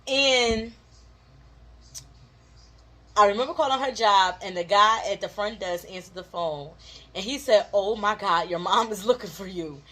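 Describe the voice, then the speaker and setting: A woman tells a childhood story in a loose, animated way, often laughing and filling her talk with "like". Her voice sits at an everyday pitch for a woman. She sounds like a co-host chatting with her partner. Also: measured pace, pauses often. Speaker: co-host of a couples channel. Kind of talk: casual storytelling chat.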